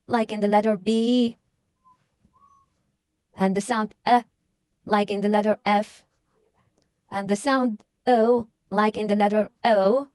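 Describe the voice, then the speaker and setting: A woman teaching beginners the English alphabet, reading out single letters and sounds slowly and carefully. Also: a little high, no echo. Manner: slow, deliberate, spelling out single letters. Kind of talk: slow alphabet lesson for beginners.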